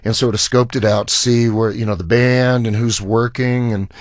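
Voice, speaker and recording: A man's voice: mid-range voice, steady tone, moderate pace, dry recording, studio quality. A middle-aged man, a musician guest on a radio show, telling rambling stories in a casual way and acting out quoted lines. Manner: rambling anecdotes with restarts and acted quotes. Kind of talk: casual storytelling interview.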